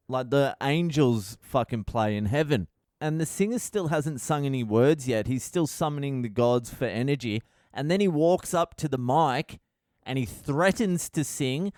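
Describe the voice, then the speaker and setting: A man's voice: medium pitch, darkish tone, dry recording, clean studio sound. A middle-aged man telling a comic story on his podcast, sweary, exasperated and mocking. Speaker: comedian podcast host. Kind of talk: casual comedic storytelling monologue.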